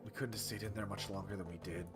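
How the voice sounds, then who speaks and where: A man voicing a shaken middle-aged male disaster survivor who speaks in a halting, hushed way. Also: low voice, fairly even intonation, lightly acted. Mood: haunted, hushed.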